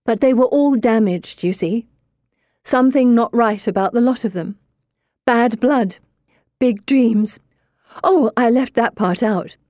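A woman's voice: on the high side, measured pace, long pauses, dark tone, no echo, clean studio sound, voice pushed up, close to an everyday voice. A woman voicing a mysterious teenage girl who tells a ghost story in a teasing, ominous way.

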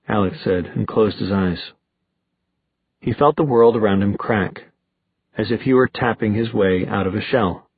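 A man narrating an audiobook in an even, measured way. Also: fairly low pitch, husky, no echo. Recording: tinny, phone-like dry recording.

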